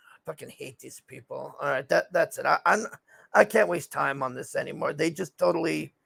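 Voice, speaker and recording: A man's voice: fairly high pitch, brisk, gravelly, a bit bright, slightly rough, no room sound. A man recapping a TV show in a casual, rambling rant, frustrated and swearing often. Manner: frustrated, profane ranting; rambling with frequent fillers. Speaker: TV show reviewer.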